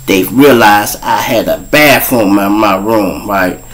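A man's voice: lowish voice, slow pace, fairly bright tone, poor audio. A man hosting his show, telling a story in a casual, profane way and speaking straight to his audience. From Chicago. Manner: profane, keeps addressing the audience as y'all. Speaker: show host.

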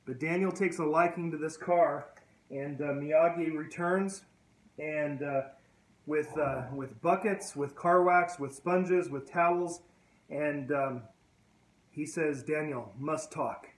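Male vlog host: easygoing retelling, slow with pauses, roomy echo. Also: a little high, steady tone. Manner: unhurried, with frequent "uh" pauses. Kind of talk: casual movie retelling.

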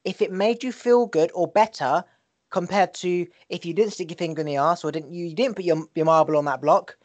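A man's voice: a little high, fairly quick, a little mellow, dull audio. A man, a podcast guest chatting casually in a crude, jokey, laid-back way.

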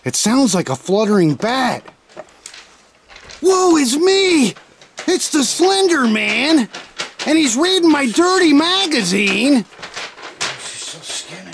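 A man with a high voice that swings wildly up and down delivers crude, rhyming comedy rants. His outrage is overdone for laughs, and a clear hum of household noise runs behind him. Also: very animated, slow, long pauses. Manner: rhyming insults, exaggerated outrage. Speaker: comedy video narrator.

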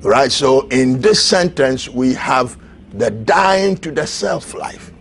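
Gravelly, slow-speaking preacher man. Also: lively intonation, a little hiss or hum. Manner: swings from shouted peaks to low murmurs, laughs often. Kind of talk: sermon.

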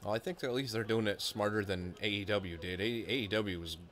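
Low-voiced man chatting through a live reaction. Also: brisk, a bit bright. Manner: chatty, thinks aloud with fillers and asides. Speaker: wrestling reaction streamer. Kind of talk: casual live reaction commentary.

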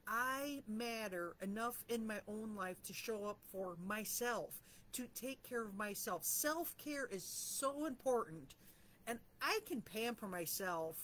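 A woman's voice: on the high side, animated, slow pace, a bit bright, a little hiss or hum. A middle-aged woman talking in a casual, candid and self-deprecating way as she reflects in her vlog. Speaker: vlogger.

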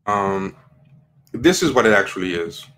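A man's voice: lowish voice, very animated, measured pace, fairly bright tone. A man hosting a casual commentary livestream, rambling with many fillers and restarts as he reads quotes aloud from the web. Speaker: livestream host.

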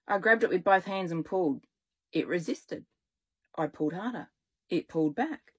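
A woman children's author reading aloud from her own stories, with lively, expressive storytelling. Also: lowish voice, moderate pace, pauses often, husky.

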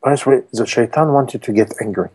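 Guy preaching, mellow dark voice, keeps asking the crowd stuff, broken english. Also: mid-range voice, quick pace, slightly rough. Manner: emphatic, with rhetorical questions to listeners; non-native English grammar. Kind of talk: sermon.

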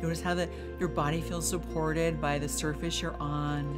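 A woman's voice: low voice, little pitch movement, loud music behind the voice. Soothing woman guiding a meditation. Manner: slow and soothing in the meditation, then emphatic and encouraging. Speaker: podcast host and life coach. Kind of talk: guided meditation and coaching talk.

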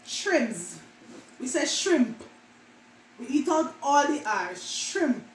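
A young woman with a Jamaican accent chatting casually on her vlog, playful and quick to laugh as she acts out everyday phrases. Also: high voice, animated, recorded from a distance, slight background noise. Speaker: vlogger. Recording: roomy echo, mic set back, faint room ambience.

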